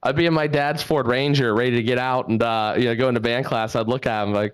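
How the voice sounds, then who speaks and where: Young male comic working a video-call crowd, loose and rambling with lots of likes, smooth resonant voice, dead-dry home mic. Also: medium pitch, fairly even intonation, brisk, hardly any pauses, no echo. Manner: loose rambling delivery, lots of likes and uhs, laughs at own jokes. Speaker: stand-up comedian. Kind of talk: stand-up set on a video call show. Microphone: home microphone.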